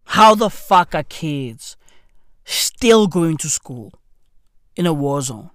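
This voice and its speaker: A woman's voice: low voice, lively intonation, takes it slowly, slight background noise. Exasperated woman, profane rant. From South Africa. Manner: profane, exasperated, heavy use of slang. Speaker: comedian ranting to camera. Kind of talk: comedic rant.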